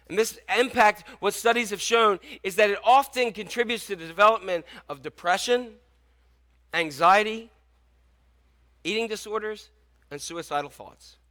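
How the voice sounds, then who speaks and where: A man's voice: high voice, pushed and bright. A man preaching a sermon in a conversational way, asking the congregation questions and telling stories. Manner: conversational, asks the congregation questions, tells anecdotes. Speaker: pastor.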